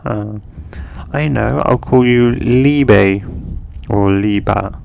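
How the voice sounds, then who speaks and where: Kind, rambling mother figure, read by a man in his own slow gravelly voice. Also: on the low side, full character voice. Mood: gentle. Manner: gentle, rambling, filler-heavy. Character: kind, easygoing adult mother.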